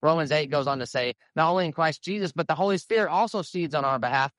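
A man on a radio debate, delivering his argument in a preacherly way and quoting scripture at length. His voice sits a little high for a man, and the sound is close and dry. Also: fast, fairly bright tone, dry recording. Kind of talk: debate opening statement.

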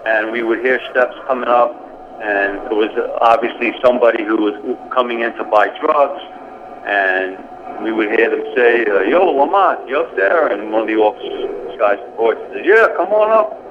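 A former police sergeant, a man, telling a personal story in a radio interview in an earnest, reflective way, halting with many fillers. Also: on the low side. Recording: muffled radio audio with steady background noise.

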